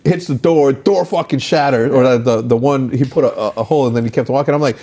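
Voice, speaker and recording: A middle-aged man hosting a podcast, telling stories in casual chat, swearing freely and acting out shouted quotes. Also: mid-range voice, fast, slightly rough. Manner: animated storytelling, swears a lot, acts out shouted quotes. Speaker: podcast host.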